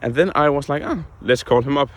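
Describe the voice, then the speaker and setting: A man's voice: mid-range voice, a little fast, a bit bright. Young man venting in a casual vlog. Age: young adult. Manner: frank, heated, swears often. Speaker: vlogger.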